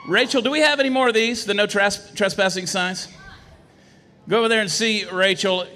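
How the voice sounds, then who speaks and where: A man's voice: high voice, steady tone, normal speed, sharp tone. A man, running for office, giving an emphatic, rousing campaign speech that repeats phrases for effect, at a brewery meeting. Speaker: political candidate. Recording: echoey hall.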